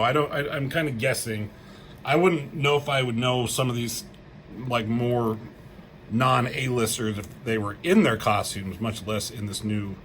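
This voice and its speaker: A man giving a casual, rambling comic book review, excited and swearing freely as he acts out lines. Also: medium pitch, a little hiss or hum, poor audio.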